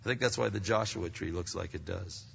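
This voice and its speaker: A man preaching a sermon. He swings between loud, emphatic peaks and hushed, low passages. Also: a little fast, creaky, background noise. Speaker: pastor. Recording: muffled sound with long hall reverb.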